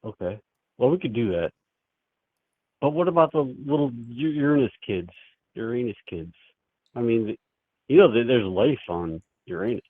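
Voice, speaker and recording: Gravelly man on a tinny phone line. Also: medium pitch, very animated, normal speed, long pauses, no room sound. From United States. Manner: rambling, crude, laid-back, lots of fillers. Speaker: caller. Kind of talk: casual phone chat.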